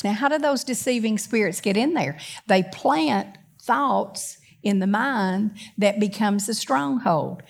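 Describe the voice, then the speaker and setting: A woman preaching a sermon. She swings between loud, emphatic preaching and quick conversational asides, often putting questions to the congregation. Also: mid-range voice.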